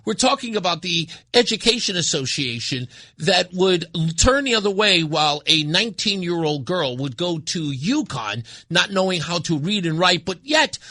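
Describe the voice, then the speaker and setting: High, lively, indignant talk radio man. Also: moderate pace, few pauses, dry recording, studio quality. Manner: indignant, emphatic, repeats himself. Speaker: radio talk show host. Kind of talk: political talk radio commentary.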